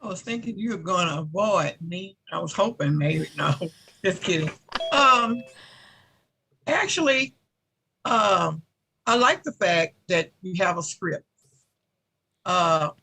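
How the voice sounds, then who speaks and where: A woman's voice: lowish voice, sharp tone, slightly rough, rough recording. A woman taking part in an online course, talking on a video call in a chatty, joking, self-deprecating way. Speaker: course participant.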